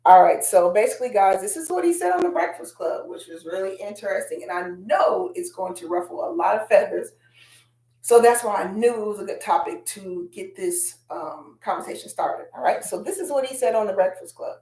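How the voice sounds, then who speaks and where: A woman's voice: mid-range voice, lively intonation, a little fast, darkish tone, echoey room. A woman hosting a casual commentary vlog, chatting straight to her viewers and reading quotes aloud. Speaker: host.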